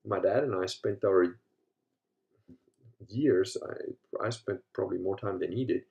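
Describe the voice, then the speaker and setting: A man in his fifties, from Africa, telling stories in a casual monologue, swearing freely and swinging between low muttering and loud, animated retelling. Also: creaky. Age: 50s. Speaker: host.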